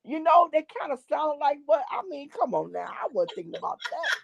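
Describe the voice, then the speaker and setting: A woman, a guest gospel artist, telling a long story in an animated way and acting out the voices in it. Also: sits high, brisk, creaky, no room sound. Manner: lively, acts out voices in her stories.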